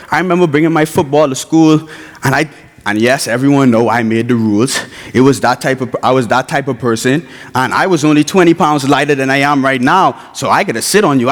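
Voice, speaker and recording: A man's voice: medium pitch, brisk. A young man from the Bahamas with a Bahamian accent, giving a personal testimony as a chapel speaker and acting out the voices in his story. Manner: storytelling, acts out quoted voices, informal grammar. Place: college chapel. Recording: long hall reverb.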